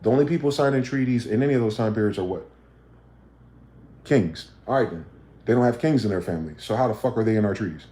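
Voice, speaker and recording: A man's voice: on the low side, fast, dark tone, echoey room. A man, hosting a livestream and ranting profanely, firing off combative rhetorical questions. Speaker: livestream host.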